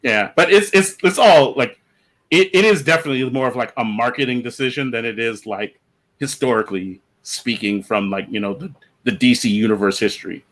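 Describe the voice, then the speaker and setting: A man's voice: mid-range voice, brisk, fairly bright tone. A man chatting on a comics podcast panel over an online call, rambling with lots of fillers and restarts. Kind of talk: casual panel discussion.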